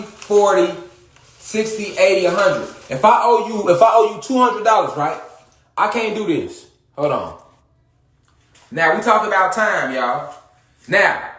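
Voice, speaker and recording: A man delivering a rambling, preachy comedic monologue, repeating himself and swearing often, getting louder as he goes. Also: high voice, roomy sound. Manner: preachy, repetitive, profane, rising to shouts. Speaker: comedic conspiracy monologue performer.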